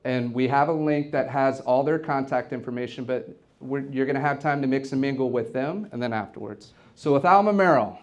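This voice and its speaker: A man's voice: medium pitch, brisk, muffled recording. A man in his forties giving a motivational talk to a live audience, telling stories with energy and often repeating words as he builds up. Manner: energetic, storytelling, repeats words when excited. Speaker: event host and real estate team leader. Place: office event space with an audience.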